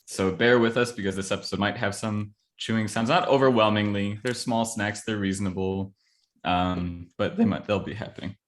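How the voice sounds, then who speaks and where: A man's voice: on the low side, fairly even intonation, moderate pace. A man hosting a podcast in casual chat. He sounds playful and loose, laughing often and using fillers. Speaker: podcast host.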